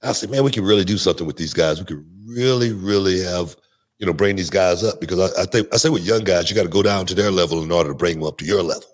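Man, middle-aged, low husky voice, podcast guest, animated storytelling, repeats words. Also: fast. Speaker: guest, former wrestler. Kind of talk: casual podcast interview storytelling.

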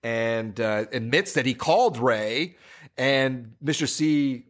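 In a relaxed podcast conversation, a male co-host talks slowly at a medium pitch, rambling along with plenty of fillers and restarted sentences.

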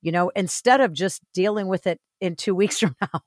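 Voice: mid-range voice, normal speed, no echo, clean studio sound. A co-host in a casual chat, supportive and laughing along.

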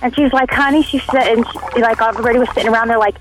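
A woman's voice: sits high, quick pace, hardly any pauses, loud music behind the voice, low-quality recording. A woman calling in, telling a folksy story and acting out the voices in it. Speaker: caller. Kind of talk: phoned-in storytelling.

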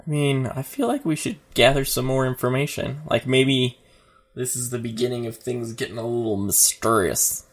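A man's voice: medium pitch, moderate pace. A man playing a tabletop role-playing game, musing aloud in casual chat with many fillers.

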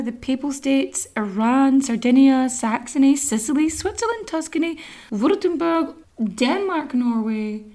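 A woman's voice: sits high, darkish tone. A woman hosting a podcast, telling a history story in a casual, rambling way with lots of fillers and swearing. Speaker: podcast host.

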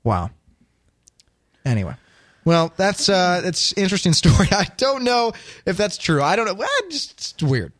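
A man's voice: high-pitched, very animated, normal speed, long pauses, fairly bright tone. A man hosting a podcast in casual chat, rambling along and reading out listener chat comments. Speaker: podcast host.

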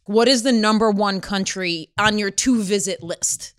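A woman's voice: medium pitch, measured pace, smooth. A woman hosts a sports interview, moving the talk along with friendly, direct questions. Her voice sits in a middle range. The sound is dry and close, with no room echo. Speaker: sports podcast host. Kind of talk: casual interview.

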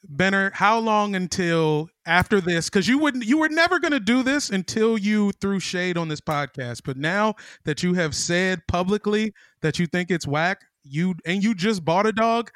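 A man with a high, bright voice trades teasing, profane jabs with his podcast co-hosts. The sound is dry and close. His talk is loose and casual. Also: normal speed, few pauses, dry recording. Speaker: podcast co-host. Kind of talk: casual chat.

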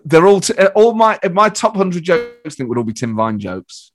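A British man, a comedian guest, telling an excited story in casual chat, with frequent restarts. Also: fairly high pitch, moderate pace.

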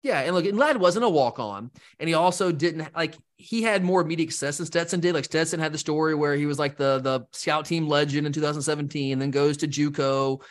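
A man co-hosting a sports podcast, talking fast and rambling, with lively asides. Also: fairly high pitch. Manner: animated, rambling, mimics fans in quotes. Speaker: podcast co-host. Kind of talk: casual sports talk.

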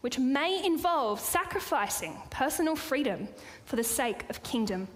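High-voiced woman preaching in a hall. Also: big pitch swings, unhurried. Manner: playful, chatty asides to the audience. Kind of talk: sermon. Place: church or hall with a live audience. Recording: long hall reverb.

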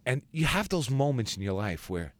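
A man's voice: medium pitch, normal speed. A man in casual chat, telling comic stories and laughing often. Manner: animated, laughing storyteller. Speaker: podcast co-host.

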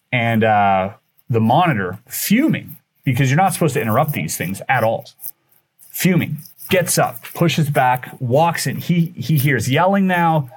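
Man telling a story animatedly. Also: mid-range voice. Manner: animated, acts out quoted dialogue; loose, with fillers and restarts. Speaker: podcast guest. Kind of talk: casual storytelling.

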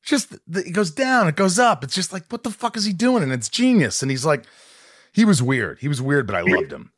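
A man's voice: on the high side, very animated, a little fast, a bit bright, no echo, clean studio sound. A man hosting a podcast interview in casual chat, rambling, laughing and often cutting himself off. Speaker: podcast host.

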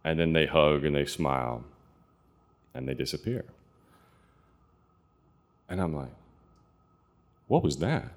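A man telling a true personal story in an earnest, confessional way, with halting restarts. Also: a bass voice.

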